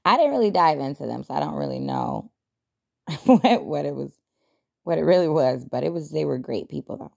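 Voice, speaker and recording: A woman's voice: low voice, lively intonation, moderate pace, creaky, long pauses, a little mellow. A young adult woman hosting a podcast, talking casually and reflectively, chatty and self-deprecating with frequent laughs. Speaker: podcast host.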